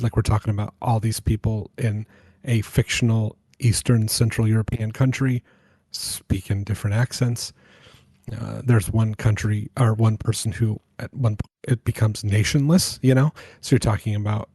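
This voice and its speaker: A man on a casual movie podcast panel, talking through his thoughts and pausing to search for words. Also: lowish voice, steady tone, dark tone, husky, no echo, studio quality. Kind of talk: casual film discussion.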